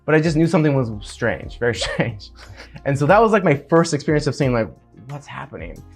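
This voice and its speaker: Guest: man, 30s, lively pitch, tells stories with laughs, faint music behind. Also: fast. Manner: animated, acts out quotes in a high voice; laughs often while telling stories. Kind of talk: casual storytelling.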